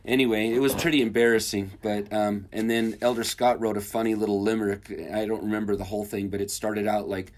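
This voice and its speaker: Casting: man with a lowish voice, relaxed anecdote teller, chuckles, loose and rambling. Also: brisk, slight background noise. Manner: rambling and chuckling, with many fillers and restarts. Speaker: returned missionary telling stories. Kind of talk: casual storytelling interview.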